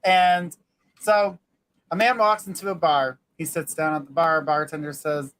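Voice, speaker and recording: An upbeat host of a live talk show tells a joke and signs off, addressing viewers warmly and often. The voice sits at a mid pitch with a friendly, chatty manner. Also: steady tone, unhurried, poor audio. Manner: upbeat, repeats "guys".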